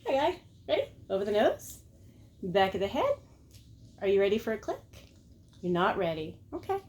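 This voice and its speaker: Lively woman coaxing her dog. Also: mid-range voice, moderate pace. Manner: coaxing sing-song talk to her dog between explanations. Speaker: dog trainer. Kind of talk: casual home training demo. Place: living room at home.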